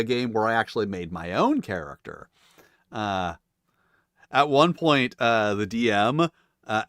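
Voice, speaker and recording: A man hosting a tabletop game video chats casually, rambling and poking fun at himself while swearing often. His voice is fairly low in pitch, yet fairly bright, clear and resonant, recorded in studio quality with no room sound.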